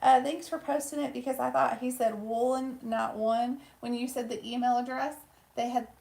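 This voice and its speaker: A woman co-hosting a live stream, reading viewer comments aloud in a soft-spoken, casual way. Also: on the high side, steady tone, moderate pace, gravelly. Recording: echoey room.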